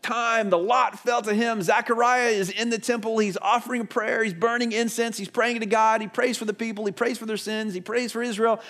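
A male pastor preaching a sermon, telling a story with lively rhetorical questions. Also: very high voice, a little fast, few pauses.

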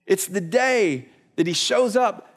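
Male pastor, sermon delivery, animated storyteller with a slightly high voice. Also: takes it slowly. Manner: animated storytelling, rhetorical questions.

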